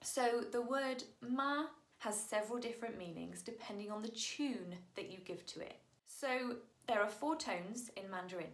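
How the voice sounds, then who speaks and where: A woman singer with a fairly high voice talks viewers through her song's lyrics. She is patient and upbeat, and she sounds out each Mandarin tone aloud. The room around her is echoey. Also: normal speed. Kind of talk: explaining song lyrics to viewers.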